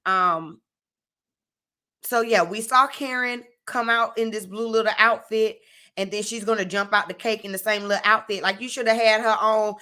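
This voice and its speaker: Bright-voiced chatty woman recapping TV. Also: medium pitch, fairly even intonation, moderate pace. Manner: chatty, addresses viewers directly, frequent "like" and "you know what I'm saying". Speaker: reality TV recap host. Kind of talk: casual live-stream episode recap.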